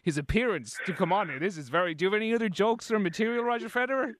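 High, quick, teasing man. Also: fairly bright tone, a little hiss or hum. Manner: playful, teasing, laughs often. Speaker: radio host. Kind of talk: casual radio banter.

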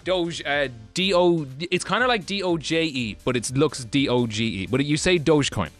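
A man's voice: on the high side, moderate pace, soft background music. A man co-hosting a radio show, chatting casually in jokey banter. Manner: animated, jokey. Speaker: radio co-host.

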